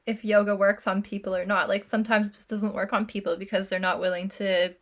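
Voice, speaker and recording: A woman's voice: medium pitch, little pitch movement, fairly quick. A woman co-hosting a yoga podcast, chatting earnestly and reflectively, with lots of "like" fillers. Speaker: podcast co-host. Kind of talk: casual chat.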